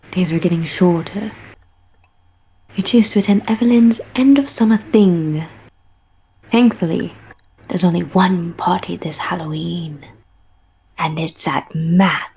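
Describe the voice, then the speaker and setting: A woman's voice: fairly low pitch, unhurried, creaky, long pauses, a little mellow, breathy edge. A woman on a game stream giving a playful, theatrical mock movie-trailer narration, dropping into whispers and laughing between phrases. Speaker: stream co-host.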